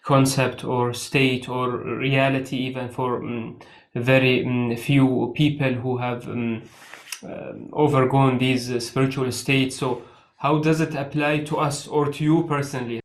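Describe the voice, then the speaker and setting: A man's voice: mid-range voice, flat delivery, a little slow, roomy sound. A man hosting an interview, asking a question with many hesitations and fillers. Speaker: interview host.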